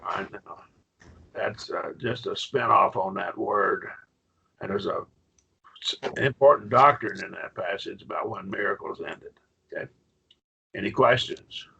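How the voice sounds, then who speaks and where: Gravelly low-voiced male Greek teacher. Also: pushed and bright. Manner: patient, questioning, frequent okays. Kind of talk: online class teaching.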